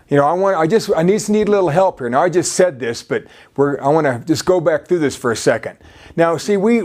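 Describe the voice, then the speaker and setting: A man's voice: on the high side, darkish tone. A male preacher delivering a sermon, peppering his talk with "you see" and frequent restarts.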